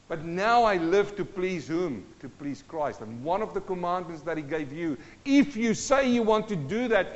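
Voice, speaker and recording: A man's voice: a little high, a little hiss or hum. A man preaching a sermon as pastor, exhorting his listeners with rhetorical questions. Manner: exhorting, rhetorical questions, sings a hymn line. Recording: dull, long-reverb church hall.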